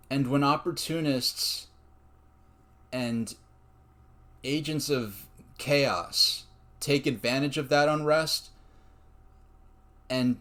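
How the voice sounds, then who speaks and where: Slow, deliberate man speaking earnestly. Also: medium pitch, a bit bright. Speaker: video essayist. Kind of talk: personal commentary monologue.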